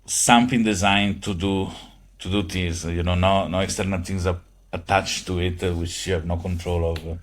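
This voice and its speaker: Low-voiced man, halting speech. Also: fairly even intonation. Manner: halting, many fillers, non-native phrasing. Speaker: guest. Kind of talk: conversational interview.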